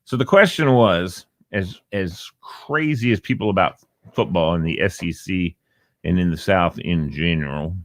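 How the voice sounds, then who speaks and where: A man's voice: lowish voice, a bit bright, no echo, clean studio sound. A man hosting a casual talk show, rambling and joking and chuckling at his own asides. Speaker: host. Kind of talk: casual chat show monologue.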